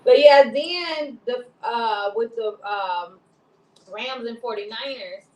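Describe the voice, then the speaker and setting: A woman's voice: on the high side, slow pace, a little mellow. Echoey, chatty woman from Chicago. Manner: laid-back, rambling, laughs often. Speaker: co-host. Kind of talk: casual chat.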